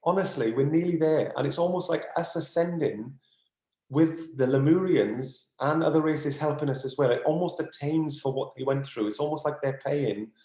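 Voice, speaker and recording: A man channelling in a spiritual session. He talks earnestly and excitably, repeats phrases, sighs often, and sounds overwhelmed as he calms himself down. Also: on the high side, normal speed, roomy sound. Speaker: psychic channeller.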